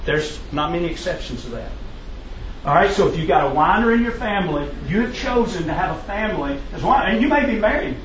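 A man's voice: sits high, big pitch swings, quick pace, a little hiss or hum. A man preaching a conversational sermon, earnest and given to restarting his phrases. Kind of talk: sermon on parenting. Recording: roomy, distant, dull sound.

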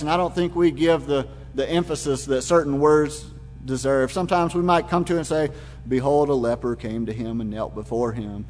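A man's voice: on the high side, a little mellow, a little hiss or hum. A man preaching a sermon, retelling the scene in vivid, imaginative detail. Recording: long hall reverb.

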